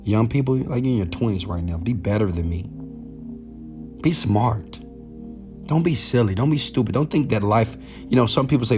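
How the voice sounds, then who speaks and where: A man giving a motivational monologue straight to camera, preachy and repetitive, building from low, confiding talk to loud exhortation. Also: expressive, brisk, faint music behind. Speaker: motivational speaker.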